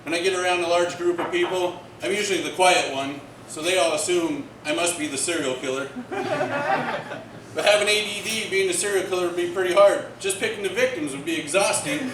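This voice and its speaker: High-voiced man doing stand-up in a club. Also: expressive, a little fast. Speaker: stand-up comedian. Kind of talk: stand-up comedy set. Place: comedy club stage. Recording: roomy, distant, noisy club recording.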